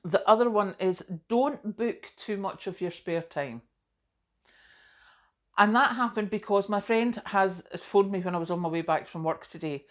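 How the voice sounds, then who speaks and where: A woman's voice: medium pitch, measured pace. A middle-aged woman, chatting casually to camera as a vlogger, self-deprecating and full of asides.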